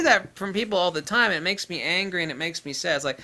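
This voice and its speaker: A man giving an off-the-cuff repair tutorial, blunt and profane, ranting and mimicking people in high-pitched quotes. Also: expressive, fast talker, few pauses, bright, forceful tone. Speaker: DIY repair presenter.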